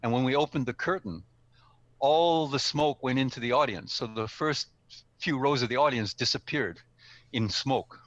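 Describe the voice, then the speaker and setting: Speaking at normal speed with a medium-pitched, slightly bright voice, an older man working as a guest speaker and speaking coach offers speaking tips conversationally, peppered with ums and self-corrections. He's in a live stream studio or room, and the highs are cut off.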